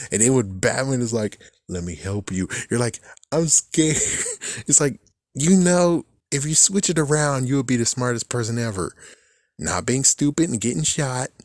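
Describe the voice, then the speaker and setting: A young man talking casually about a movie he watched, animated and loose, swearing often and laughing at his own jokes. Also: medium pitch, no echo, studio quality. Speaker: movie commentary vlogger. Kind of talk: casual rambling movie talk.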